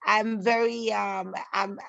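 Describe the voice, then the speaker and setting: A woman's voice: mid-range voice, flat delivery, gravelly, a bit bright, no echo, dull audio. A middle-aged woman with a Jamaican accent, chatting on a video call and often stopping to restart her sentences. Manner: halting, many restarts and fillers. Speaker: participant. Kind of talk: casual video call chat.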